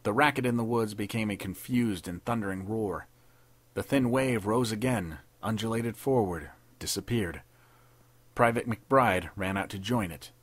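A man narrating a pulp war story as a podcast reader, in a steady dramatic reading. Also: lowish voice, moderate pace, husky, no room sound.

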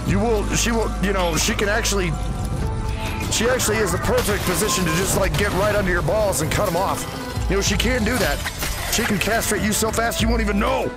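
A man's voice: high voice, a little fast, loud music behind the voice. A man playing a VR game, chatting animatedly, swearing and talking to the characters. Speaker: gaming host. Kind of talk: VR game let's play commentary. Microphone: VR headset.

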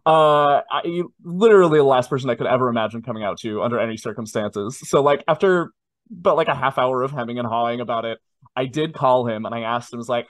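A man in his twenties, telling a personal story in a casual interview with animated, self-deprecating asides. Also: mid-range voice, fast, no room sound. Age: 20s. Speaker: guest.

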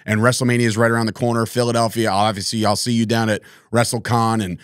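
A man's voice: fairly low pitch, little pitch movement, fast talker, no room sound. Podcast host guy rambling along, laughs a lot, dry no-room sound. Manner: rambling, chummy, laughs often, says "man" and "dude". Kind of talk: casual interview chat.

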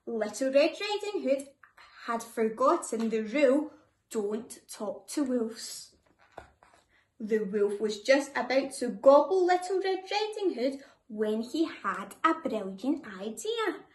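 Slow, expressive woman storyteller. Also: high-pitched. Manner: lively, expressive read-aloud. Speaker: storyteller for children. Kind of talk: children's story reading. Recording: echoey room.

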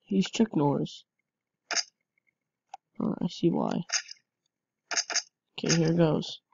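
A woman chatting through a game as she plays, yelping and laughing as things go wrong. Her voice is on the low side and mellow, and she talks slowly between outbursts. The recording sounds dull and lo-fi. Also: gravelly, slightly rough. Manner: excitable, yelps and laughs at the game. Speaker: gameplay commentator. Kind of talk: casual game commentary.

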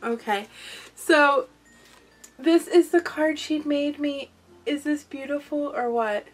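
A young adult woman excitedly chatting through a craft mail unboxing, gasping and gushing over each item. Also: high voice, slow pace, pauses often, a little hiss or hum. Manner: gushing, excitable, gasps often. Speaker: craft vlogger. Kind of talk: casual unboxing chat.

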